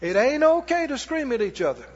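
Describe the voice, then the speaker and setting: A man's voice: very high voice, big pitch swings, a little fast, breathy edge. A male pastor preaching a sermon, emphatic and questioning his congregation. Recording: dull echoey hall recording.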